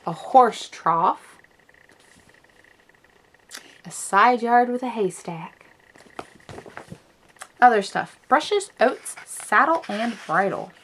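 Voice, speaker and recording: A woman's voice: fairly high pitch, animated, extremely slow, pauses often, fairly bright tone, exaggerated voice. A woman voicing a horse-mad little cowgirl in a put-on Western twang, reading a picture book aloud. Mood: eager. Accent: put-on American Western twang. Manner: drawling, folksy storybook read-aloud.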